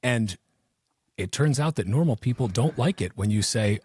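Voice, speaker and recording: A man's voice: mid-range voice, animated, moderate pace, a little mellow, husky, dry recording. A man hosting a podcast in casual conversation, talking in a sarcastic, mocking way. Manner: sarcastic, mocking quoted officials. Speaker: podcast host.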